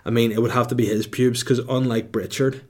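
A man tells a comic story in a loose, rambling way. He laughs often and swears freely, and his pitch sits in a middle range. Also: level tone, fairly quick, darkish tone. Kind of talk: comedic storytelling.

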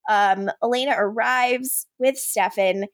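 A woman's voice: a little high, slow pace, no room sound, studio quality. A woman co-hosting a podcast, casually recapping a TV episode and animatedly acting out characters' lines. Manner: animated, quotes characters in lively voices. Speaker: podcast co-host.

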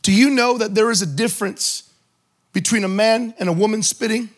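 A man preaching a sermon as pastor, animated, acting out Bible scenes with shouted bursts and joking asides. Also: high voice, fairly quick.

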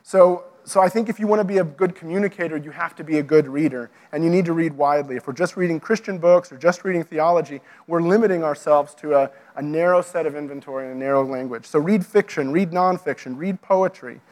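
A man's voice: on the high side, fast talker, few pauses, darkish tone. Earnest man lecturing ministry leaders. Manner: earnest, restarts phrases, frequent "um". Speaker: teacher of pastors and worship leaders.

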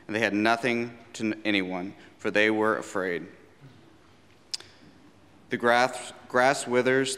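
Male reader, deeper voice, steady liturgical reading with long church reverb. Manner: measured, solemn reading. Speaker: scripture reader. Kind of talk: scripture reading.

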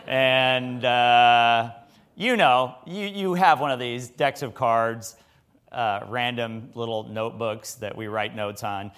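A man's voice: mid-range voice, takes it slowly, a bit bright, clear, resonant tone. A middle-aged man preaching a sermon in a folksy, conversational way, telling stories with animation.

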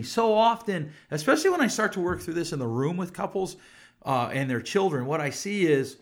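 Candid middle-aged man, slightly high voice. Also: very animated, brisk. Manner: candid and self-disclosing, acts out little dialogues with his kids. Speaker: parenting podcast host and counselor. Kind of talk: reflective solo talk to camera.

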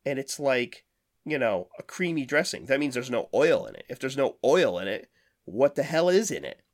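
A man in casual conversation, telling animated anecdotes and voicing the people in them. His pitch sits mid-range but swings up and down with plenty of life. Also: moderate pace. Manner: animated storyteller, acts out quotes. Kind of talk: casual chat.

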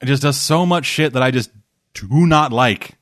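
A man's voice: mid-range voice, moderate pace, dry recording, clean studio sound. A man chatting casually about movies and shows, rambling and swearing, with lots of restarts. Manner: rambling, profane, acts out quotes loudly.

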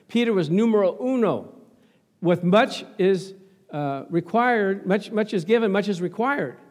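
Brief: a chuckling, expressive male preacher, high-pitched, sermon in a reverberant church. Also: normal speed. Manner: laughing, animated, talks back to the congregation.

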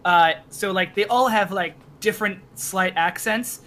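A Canadian man telling stories as a podcast guest, animated, swearing freely and acting out the people he quotes. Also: high-pitched, unhurried. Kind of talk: casual storytelling.

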